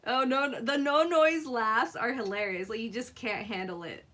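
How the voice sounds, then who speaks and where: A woman's voice: a little high, normal speed, hardly any pauses, a bit bright. A young woman hosting a live craft stream, chatting casually, reading viewer comments aloud and laughing often. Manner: giggly, laughs often, reads chat aloud. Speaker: craft livestream host.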